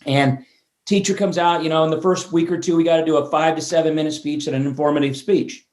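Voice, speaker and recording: A man's voice: on the high side, fast talker. Chatty man telling stories in a roomy echo. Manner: animated storyteller who restarts words mid-sentence. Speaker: guest. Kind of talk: storytelling interview chat.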